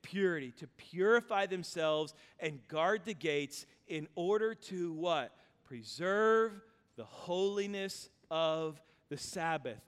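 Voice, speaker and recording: A male pastor preaching a sermon, reading scripture aloud and then explaining it in an animated, humorous way. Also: a little high, slow pace, clear, resonant tone. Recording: long reverb of a large hall.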